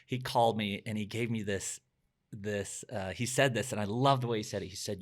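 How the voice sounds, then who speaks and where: A man's voice: lowish voice, a little fast. A middle-aged man, a podcast guest, telling a personal story in an earnest, reflective way. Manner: earnest, reflective, sometimes emotional.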